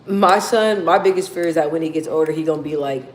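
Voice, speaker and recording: A woman chatting casually with viewers, telling stories in a slangy, animated way. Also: sits low, fast talker. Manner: animated, slangy storytelling with acted-out quotes. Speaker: streamer answering viewer questions. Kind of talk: casual chat. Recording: roomy echo, faint background hum.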